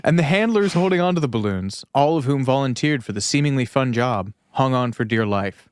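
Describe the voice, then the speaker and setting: A man's voice: mid-range voice, lively intonation, brisk, a little hiss or hum. A man co-hosting a podcast, reading an article aloud in a casual tone and breaking off for wry asides and laughs. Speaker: podcast co-host.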